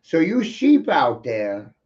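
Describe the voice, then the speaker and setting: Man, slow intense rant, profane, rhetorical, dull lo-fi sound. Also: on the high side, wildly swooping pitch, darkish tone. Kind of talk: ranting monologue.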